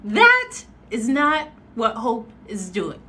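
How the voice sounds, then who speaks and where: Lively, slow-talking woman storyteller. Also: medium pitch. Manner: animated, dramatic swings between loud and hushed. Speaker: social media host. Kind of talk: casual storytelling on a livestream.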